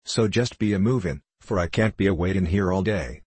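A man reading the part of a coarse, blustering country poorhouse keeper in rough dialect. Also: deep voice, a little fast, a little mellow, no echo. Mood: gruff. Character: gruff rustic middle-aged male poorhouse keeper.

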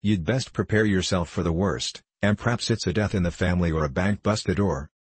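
A man voicing a flustered young parlour maid who speaks in a hushed, anxious, deferential way. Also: deep voice, moderate pace, husky, no room sound.

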